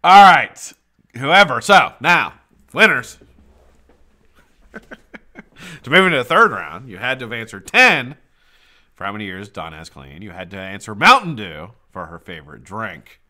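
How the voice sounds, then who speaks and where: A man hosting a live stream trivia giveaway in casual chat, swearing freely and jumping into loud excited shouts. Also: sits low. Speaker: livestream host running a trivia giveaway. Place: home streaming setup.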